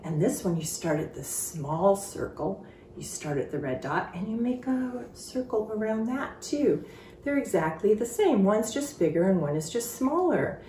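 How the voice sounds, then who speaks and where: A woman teaching a children's phonics lesson, speaking slowly and clearly, stretching out sounds in an encouraging way. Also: medium pitch, lively intonation, dark tone, roomy sound, distant mic, slight background noise. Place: sitting on a stool in a room.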